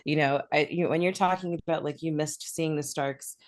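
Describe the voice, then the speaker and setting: A young woman co-hosting a podcast, chatting in an animated way and laughing often. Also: low-pitched, normal speed, dry recording, studio quality. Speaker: podcast co-host. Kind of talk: casual chat.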